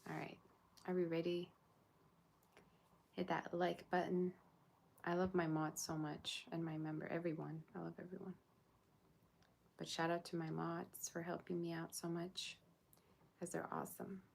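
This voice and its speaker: Gravelly-voiced woman reading tarot live. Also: on the low side, flat delivery, unhurried, pauses often, darkish tone. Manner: chatty, talks to viewers and chat. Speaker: tarot reader.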